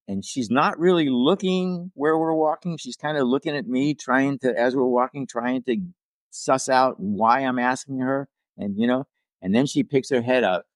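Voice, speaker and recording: A man's voice: medium pitch, no echo. An older man, a podcast guest and actor-writer, telling a rambling anecdote casually, with asides and restarts. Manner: acts out quoted people in livelier voices.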